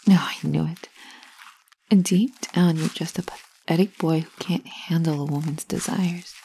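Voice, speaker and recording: A woman in a whispered role-play, speaking in a teasing, commanding way with a breathy whisper. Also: low-pitched, fairly even intonation, measured pace, mellow, a little hiss or hum.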